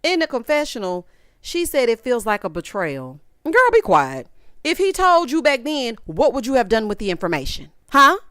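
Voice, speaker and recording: A woman's voice: a little high, very animated, normal speed, no room sound, studio quality. Sassy woman recapping reality TV. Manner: sassy, exasperated, quotes people in voices. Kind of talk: casual commentary recap.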